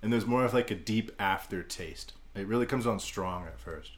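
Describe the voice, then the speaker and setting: A man co-hosting a podcast, chatting casually and describing beer in a relaxed way. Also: on the low side, normal speed. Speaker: podcast co-host. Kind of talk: casual drinking chat.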